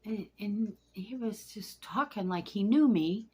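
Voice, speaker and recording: A woman telling a personal story to camera in a rambling, halting way, shaken and anxious, with hushed asides. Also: mid-range voice, breathy edge.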